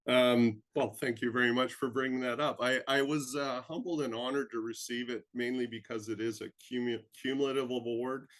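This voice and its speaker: A man's voice: medium pitch, steady tone, a little fast, few pauses, fairly bright tone. An older man from Canada, an interview guest who tells reflective stories in a humble, rambling way with frequent ums. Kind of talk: reflective storytelling.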